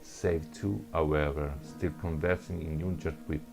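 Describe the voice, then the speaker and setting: A man's voice: very deep voice, fairly even intonation, unhurried, creaky, over music. A man with another first language reading a second-person adventure story aloud, stumbling and restarting words. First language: not English. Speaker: narrator.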